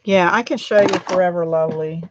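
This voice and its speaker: A woman's voice: lowish voice, brisk, highs cut off. A middle-aged woman hosting a live crafting stream, chatting in a rambling way as she works, her throat still scratchy from a cold. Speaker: craft channel host.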